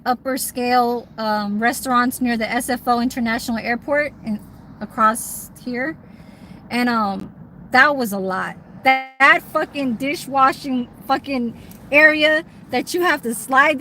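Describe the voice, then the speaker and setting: A woman's voice: fairly high pitch, fairly bright tone, slight background noise, rough recording. A woman chatting on a livestream in a rambling, swearing way, with many fillers and restarts. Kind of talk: casual livestream chat.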